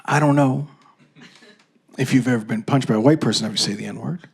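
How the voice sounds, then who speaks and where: A man in his thirties from Canada performing a stand-up comedy set on stage into a handheld mic, telling stories in an animated way. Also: medium pitch, a little fast, creaky, husky. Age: 30s. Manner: animated storytelling, jumps into loud acted-out voices.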